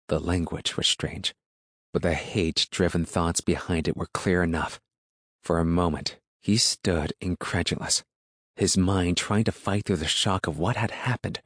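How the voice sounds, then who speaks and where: A man narrating an audiobook in a steady, measured way. His voice is very low and deep. The recording is dry, with no room sound. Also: no echo. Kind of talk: scripted narration.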